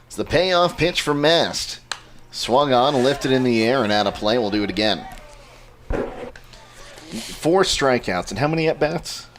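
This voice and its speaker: A man doing live radio play-by-play of a high school baseball game, briskly calling each pitch and count. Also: lively intonation, fairly bright tone, a little hiss or hum. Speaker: play-by-play announcer.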